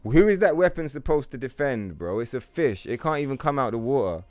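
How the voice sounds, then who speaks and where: Profane streamer ranting over gameplay. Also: male voice, medium pitch, a little fast, dry recording. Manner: profane, animated ranting with slang. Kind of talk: casual gameplay commentary. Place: room at home. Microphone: stand microphone.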